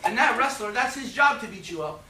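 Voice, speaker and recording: A man's voice: very high-pitched, animated, voice pushed up, full character voice. A man putting on a blunt, sarcastic Irish mum. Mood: mocking scold. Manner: loud, mocking, rapid-fire questions. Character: blunt sarcastic Irish mother scolding her skinny son. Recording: echoey hall, distant mic, noisy.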